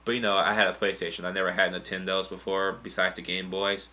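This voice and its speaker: Young American man, bright forceful voice, slightly low, loose rambling chat, swears a lot. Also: level tone, fast talker. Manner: rambling, profane and loose, with restarts. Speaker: vlogger answering viewer questions. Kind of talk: casual chat.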